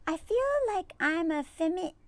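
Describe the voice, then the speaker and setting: A woman putting on a high, airy, mocking voice for a guarded, evasive young woman. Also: fairly even intonation, normal speed, no echo. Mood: hesitant.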